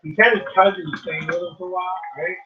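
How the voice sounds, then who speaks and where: A man casually telling a long, profane story about a friend, acting out the quotes in an animated way. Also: sits high, fast talker, lo-fi sound, noisy background. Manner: rambling, profane, animated retelling with quoted voices.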